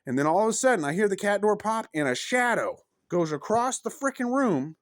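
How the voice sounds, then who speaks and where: A man's voice: high-pitched, animated, a little fast. A man vlogging at home, telling odd stories in a rambling, self-interrupting way with emphatic bursts and mild cursing. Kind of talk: casual rambling storytelling to camera.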